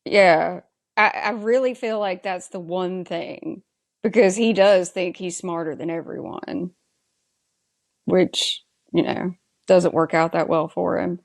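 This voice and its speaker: A woman's voice: fairly low pitch, steady tone, takes it slowly, creaky. A woman co-hosting a podcast, chatting casually and with strong opinions as she recaps a TV episode and asks her co-host's views. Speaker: podcast co-host.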